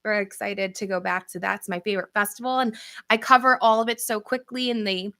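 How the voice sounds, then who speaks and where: A woman's voice: mid-range voice, steady tone, fast, sharp tone, no echo, clean studio sound. A young woman from New York with a New York accent, chatting casually with viewers as host of a livestream Q&A, upbeat and often laughing. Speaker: channel host.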